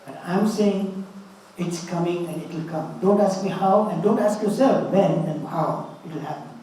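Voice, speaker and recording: Elderly man in his eighties, warm fatherly speaker, high soft voice, far from the mic in a roomy hall. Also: a little slow. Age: 80s. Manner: storytelling, fatherly and earnest. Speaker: speaker giving a talk. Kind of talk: motivational spiritual talk. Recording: roomy, distant mic with faint ambience.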